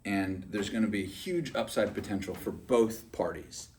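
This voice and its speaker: Low-voiced man coaching, recorded from afar. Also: normal speed, a little mellow, distant mic, slight background noise. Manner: conversational, keeps checking in with the listener by asking "right?". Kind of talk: motivational training talk.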